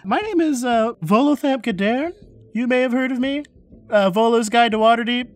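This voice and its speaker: A man voicing a chatty, flattering male wizard author who rambles with lots of fillers. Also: very high-pitched, normal speed, no room sound, soft background music, voice pushed up. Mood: fawning. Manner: gushing, rambling, full of fillers.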